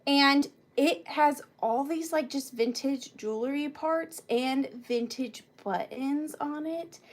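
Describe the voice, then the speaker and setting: A woman hosting a live vintage sale, chatting casually, greeting viewers by name and laughing often, a bit out of breath. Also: on the high side. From Georgia, US. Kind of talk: casual live-stream selling.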